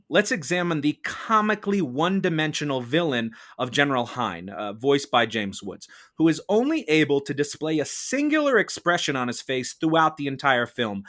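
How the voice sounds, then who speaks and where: A man acting as prosecutor in a mock trial on a podcast, arguing a prepared case in a measured, formal courtroom manner. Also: on the high side, fairly bright tone. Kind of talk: prepared argumentative case delivered to a judge.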